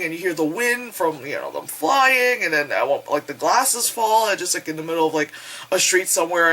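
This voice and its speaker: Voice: mid-range voice, pushed and bright, poor audio. A reviewer recapping a horror film in a casual vlog, rambling and swearing freely and acting out the characters' lines. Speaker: movie reviewer.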